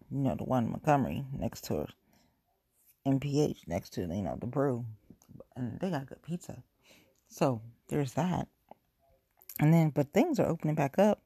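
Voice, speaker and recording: A woman's voice: rumbling low, dark tone, slightly rough, no echo. A woman from chatting casually on her own show, rambling, repeating herself and speaking frankly. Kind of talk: casual solo chat.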